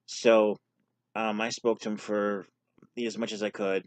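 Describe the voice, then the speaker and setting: A man's voice: on the low side, level tone, measured pace, no room sound. A man casually telling a personal story on his vlog, candid and self-deprecating. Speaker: vlogger sharing his story.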